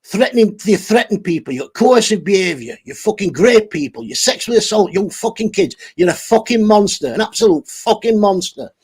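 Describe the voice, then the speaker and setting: A man's voice: high-pitched, animated, fairly quick, hardly any pauses, darkish tone, breathy edge. A man ranting angrily on a livestream, swearing heavily and over-caffeinated. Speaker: channel host reading live chat. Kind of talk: angry livestream rant.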